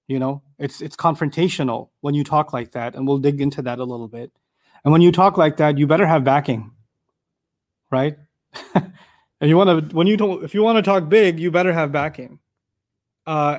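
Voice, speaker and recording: A man with a high-pitched voice teaches a lesson on Quran verses. He explains patiently, poses rhetorical questions, works through everyday examples and breaks into Arabic recitation.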